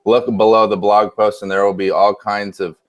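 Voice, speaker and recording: A man's voice: lowish voice, flat delivery, normal speed. A man hosting a casual interview, easygoing and affirming, laughing often. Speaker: host.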